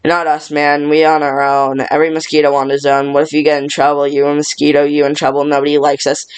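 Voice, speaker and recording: A man's voice: a little high, monotone, fast talker, clear, resonant tone, natural voice. A man reading the part of a boastful, streetwise male mosquito in clipped slang. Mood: brash.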